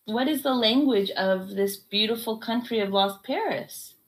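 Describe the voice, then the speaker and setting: A woman's voice: fairly high pitch, normal speed. A woman hosting a playful pretend interview with a child in an improv exercise, using a theatrical, encouraging reporter tone.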